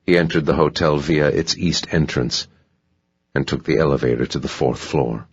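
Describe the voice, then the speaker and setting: Very deep, husky male narrator. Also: no room sound. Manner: slow, measured. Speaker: audiobook narrator. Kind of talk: scripted narration. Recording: dull dry audiobook recording.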